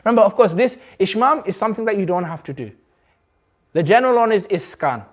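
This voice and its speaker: A man teaching a community class, patiently drawing out each word slowly, then explaining in quick bursts. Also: sits high, lively intonation. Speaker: Quran recitation teacher. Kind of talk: hands-on group lesson.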